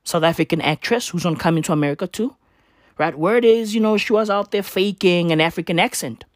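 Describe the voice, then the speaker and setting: A man's voice: high voice, brisk, dry recording, studio quality. A man ranting casually to camera, profane and slangy, rambling with constant rhetorical questions. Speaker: vlogger.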